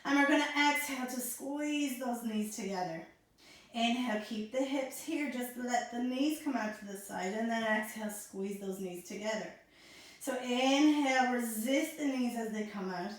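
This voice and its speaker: A woman instructor guiding a pilates abs workout, calmly cueing each breath and movement, a little out of breath. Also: a little high, moderate pace. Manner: calm, encouraging, counts breaths and cues. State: slightly out of breath. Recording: echoey room.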